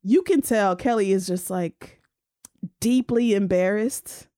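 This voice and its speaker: A woman's voice: medium pitch, slow pace, no room sound, studio quality. A woman co-hosting a casual recap chat, profane and laughing often as she retells scenes. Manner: profane, laughing, animated storytelling. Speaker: podcast co-host.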